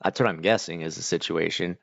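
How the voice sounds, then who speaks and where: A man's voice: sits low, a little fast, gravelly, dry recording. A man chatting casually on a livestream, answering chat in a rambling, hesitant way with many fillers and restarts. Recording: dull lo-fi dry mic.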